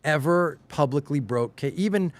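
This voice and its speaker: A middle-aged man from Long Island with a slight Long Island accent, chatting casually as a podcast guest and telling stories with lively, acted-out quotes. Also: on the high side, normal speed. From Long Island, New York. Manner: animated storyteller, acts out quotes with rising excitement. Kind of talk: casual chat.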